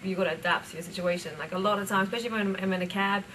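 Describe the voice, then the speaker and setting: A woman's voice: medium pitch, fairly even intonation, racing. A young woman from the UK with a British accent, a rapper chatting casually in an interview, full of fillers and easy laughs. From United Kingdom. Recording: distant mic, faint ambient noise.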